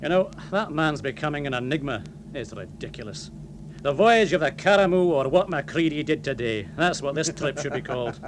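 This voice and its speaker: An actor playing a wry, curious ship's officer in a radio drama. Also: male voice, fairly high pitch, animated, brisk, a little hiss or hum, lightly acted. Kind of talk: 1970s radio drama acting.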